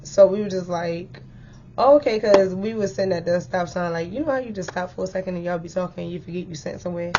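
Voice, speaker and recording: A young woman chatting through a storytime vlog, animated and full of fillers, on a dull lo-fi recording. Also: on the low side, fast talker, few pauses, background noise. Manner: chatty and animated, filler-heavy, lively retelling.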